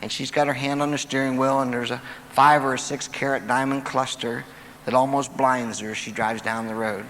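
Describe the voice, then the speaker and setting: A man's voice: medium pitch, level tone, fairly quick, a bit bright. A man giving a folksy motivational talk on stage, telling jokes and stories to an auditorium audience. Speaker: motivational speaker. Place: large auditorium. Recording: distant, echoey live hall recording.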